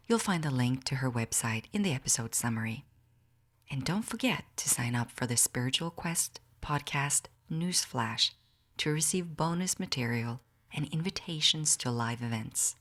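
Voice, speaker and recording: Very deep-voiced woman host reading an outro. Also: lively intonation, normal speed, fairly bright tone. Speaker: podcast host. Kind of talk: scripted outro.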